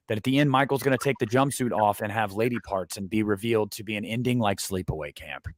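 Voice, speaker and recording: Casual co-host, male, lower voice, dry close sound, sarcastic and animated. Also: fairly quick, few pauses, dry recording. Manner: animated, sarcastic, reads chat comments aloud. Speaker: podcast co-host. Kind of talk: casual livestream chat.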